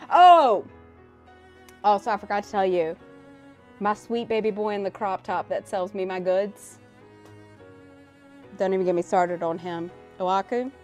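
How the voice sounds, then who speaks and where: A woman game streamer chatting casually on a live stream and telling stories animatedly, her voice swinging between loud and soft. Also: mid-range voice.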